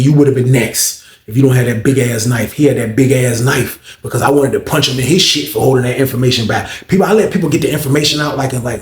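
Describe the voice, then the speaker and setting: Fast-talking man telling a story in an echoey room. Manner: animated, profane, acts out quoted voices with big jumps up in pitch. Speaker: storyteller vlogger. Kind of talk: casual storytelling.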